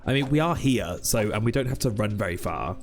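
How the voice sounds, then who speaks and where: A man's voice: fairly low pitch, lively intonation, fairly quick, soft background music. A young British man streaming a game, chatting casually with viewers and rambling between ums. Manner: rambling, chatty, lots of ums, reads chat aloud. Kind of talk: casual live-stream chat.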